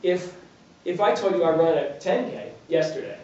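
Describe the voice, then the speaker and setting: A man's voice: high voice, moderate pace, a little mellow. Chatty New man, far and echoey. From New Jersey. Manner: chatty, uses rhetorical questions and acted-out quotes. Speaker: fitness trainer giving a talk. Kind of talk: informal talk to a small audience. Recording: distant, very echoey, dull lo-fi recording.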